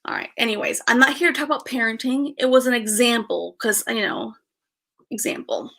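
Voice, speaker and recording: A woman's voice: fairly high pitch, expressive, brisk, creaky, a bit bright. A woman in her thirties chatting casually on a livestream, sighing often and repeating herself as she talks. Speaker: vlogger.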